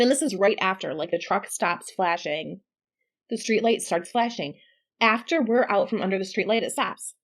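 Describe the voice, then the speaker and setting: Podcast co-host, woman in middle age, chatty, animated storyteller. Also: mid-range voice. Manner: chatty, animated when quoting, laughs often. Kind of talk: casual storytelling chat.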